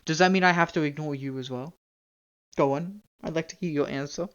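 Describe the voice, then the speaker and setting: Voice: medium pitch, fairly quick, a bit bright, clean tone, lo-fi sound. A young-adult game streamer from Canada, chatting casually, rambling, self-mocking and swearing freely. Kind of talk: casual live-stream chat.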